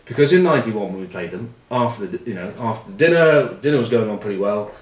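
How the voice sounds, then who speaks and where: A man's voice: on the low side, animated, fast, echoey room, recorded from a distance. A man telling rambling, wry comic stories with lots of asides, in casual chat. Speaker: show regular telling stories.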